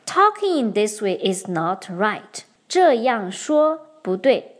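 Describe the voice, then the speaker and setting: A young woman hosting a podcast lesson, explaining Chinese patterns clearly and switching between English and Mandarin. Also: mid-range voice, very animated, slow pace. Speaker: podcast host and Chinese teacher. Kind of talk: bilingual language lesson.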